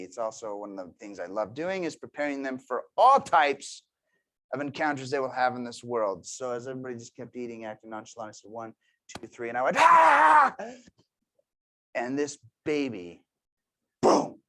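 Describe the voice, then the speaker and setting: Guy in his 30s doing a pep talk, storytelling, goes quiet then suddenly loud. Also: mid-range voice, fairly quick. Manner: energetic, storytelling, swings from quiet asides to loud bursts. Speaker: motivational speaker. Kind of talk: motivational talk to a team.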